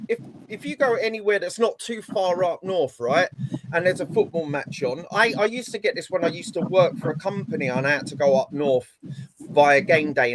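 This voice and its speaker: High-voiced man, sweary and animated. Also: slight background noise, rough recording. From London. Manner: animated, swears freely, peppers talk with mate and bro. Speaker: football fan panelist.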